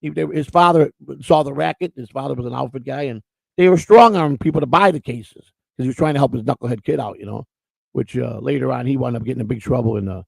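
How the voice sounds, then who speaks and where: Gravelly, rambling man telling stories. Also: medium pitch, fast talker, darkish tone, no room sound, low-quality recording. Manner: rambling storyteller, repeats words. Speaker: co-host. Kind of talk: casual livestream chat.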